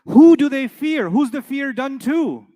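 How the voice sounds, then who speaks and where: Lively higher-voiced man teaching a class. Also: measured pace. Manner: lively, asks the class questions often. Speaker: Arabic teacher. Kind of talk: classroom grammar lesson.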